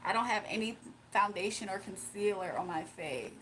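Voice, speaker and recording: A woman's voice: mid-range voice, normal speed, a bit bright, slight background noise. A young woman on a livestream, reading viewer comments aloud and answering them bluntly and confrontationally. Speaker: livestreamer giving spiritual readings.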